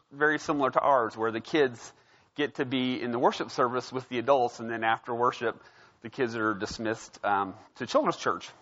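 A man's voice: medium pitch, fairly bright tone. A man preaching a sermon as pastor, casual and conversational, telling a story and often checking in with the crowd. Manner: conversational, storytelling, frequent "right?". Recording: dull lo-fi sound.

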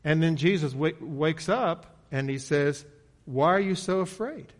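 Higher-voiced man preaching a sermon. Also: unhurried. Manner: rises sharply and loud when voicing panicked disciples, drops soft at line ends; conversational, asks rhetorical questions.

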